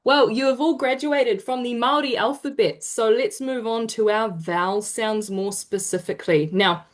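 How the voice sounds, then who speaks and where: Her voice on the high side and fairly even in intonation, a woman leads an online te reo Māori pronunciation lesson over a video call. She cheers her group on and draws out the sounds she demonstrates.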